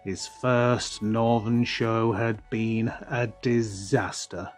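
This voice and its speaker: Male audiobook narrator, unhurried and wry, faint music behind. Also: lowish voice, fairly even intonation. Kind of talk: scripted narration.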